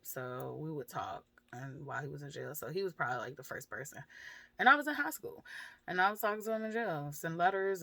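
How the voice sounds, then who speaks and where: Candid low-voiced woman vlogger. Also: sharp tone, dry recording. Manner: frank and profane, laughs often, trails off with fillers. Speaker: mother. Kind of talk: candid personal talk to camera.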